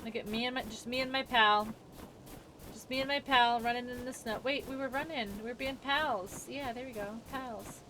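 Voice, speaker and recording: A woman streamer with a bright, forceful voice talks through her game, reacting aloud and answering chat in a loose, casual way. Faint game music plays behind her. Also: on the high side, steady tone, normal speed. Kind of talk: casual gameplay commentary.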